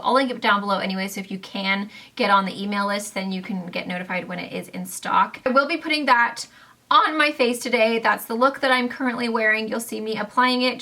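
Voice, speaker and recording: A woman's voice: a little high, bright, forceful tone. A woman beauty vlogger reviewing makeup palettes to camera in a bubbly, gushing, chatty way. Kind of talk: casual product review to camera.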